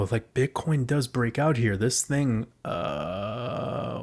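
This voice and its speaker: A man giving casual, profane commentary on crypto price charts, breaking into excited outbursts. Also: mid-range voice, slow.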